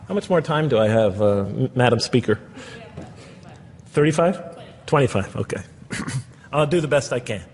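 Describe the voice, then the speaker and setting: A man's voice: a little high, animated, normal speed, long pauses, a little hiss or hum. A man giving a public lecture to an audience, earnest and full of rhetorical questions. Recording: echoey hall, long reverb.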